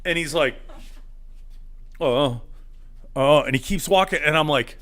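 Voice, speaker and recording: A man's voice: on the high side, measured pace, long pauses, background noise. A man in his thirties, a co-host telling a story in casual chat, laughing and acting out the voices of the people in it. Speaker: podcast co-host.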